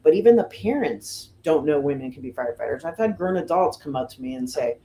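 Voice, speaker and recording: A middle-aged woman from the United States, a fire lieutenant, telling stories casually in an interview, with lots of "you know" and "um" and lively voices for the people she quotes. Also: sits low, a little fast, slight background noise. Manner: chatty, fills with "you know" and "um", animated retelling of quotes. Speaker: firefighter lieutenant and guest.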